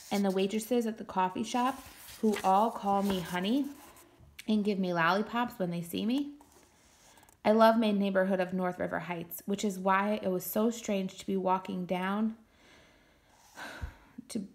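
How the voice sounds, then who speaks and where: A woman teacher reading a novel aloud to her class, with steady and expressive first-person narration. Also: mid-range voice, normal speed.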